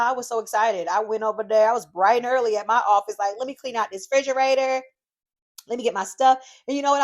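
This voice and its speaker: Chatty, encouraging woman podcast host. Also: mid-range voice. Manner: lively, chatty, encouraging, calls listeners "y'all" and "child". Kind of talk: casual solo podcast monologue. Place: home office craft room.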